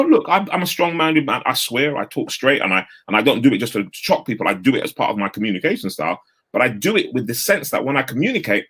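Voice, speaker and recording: A man, giving an energetic, straight-talking motivational talk over a video call. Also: medium pitch, slightly rough. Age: 50s. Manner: energetic, straight-talking, uses London street slang. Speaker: guest speaker.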